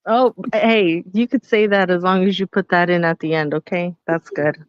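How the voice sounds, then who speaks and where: A woman's voice: fairly low pitch, fairly even intonation, normal speed, clean tone, no echo. A woman co-hosting a live podcast, speaking frankly and casually about how she grew up and laughing easily. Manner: frank, talks about her own upbringing, laughs easily. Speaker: podcast co-host. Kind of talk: casual live-stream chat. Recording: dry, dull lo-fi sound.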